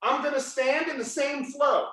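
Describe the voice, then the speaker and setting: A man teaching a live online jiu-jitsu class, yelling his coaching cues as he walks students through each move. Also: very high voice, moderate pace, heavy reverb.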